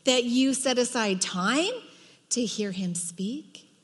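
A woman's voice: on the high side, slow. Earnest woman preaching in a reverberant hall. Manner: earnest, emphatic, drops to soft tones for quoted words. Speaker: women's Bible teacher. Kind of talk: sermon.

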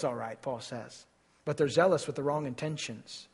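A man preaching a sermon as a pastor, earnestly addressing his listeners with direct questions and swinging between hushed and raised passages. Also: mid-range voice, moderate pace, gravelly, husky.

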